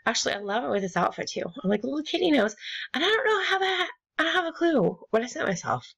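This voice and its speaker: A young American woman rambling and gushing as she opens gifts in an online game, with sudden squeals and low mutters. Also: sing-song, fast talker, gravelly, a bit bright. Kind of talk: casual gaming commentary.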